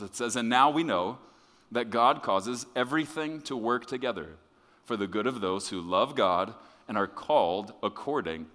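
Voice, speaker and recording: Male pastor, lowish forceful voice, conversational sermon delivery, long hall reverb. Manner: conversational, with restarts, swinging from quiet to loud and emphatic.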